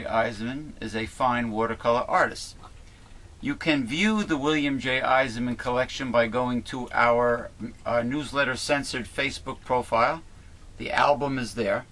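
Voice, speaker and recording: A man's voice: medium pitch, fairly bright tone. Rambling, chatty male talk show host. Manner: rambling, chatty, many fillers and restarts. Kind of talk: casual talk show chat.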